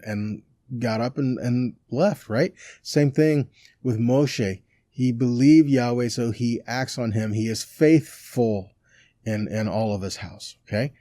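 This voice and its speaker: A man giving a conversational Bible teaching, reading verses aloud and checking in with quick rhetorical questions. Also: mid-range voice, mellow, dry recording, clean studio sound.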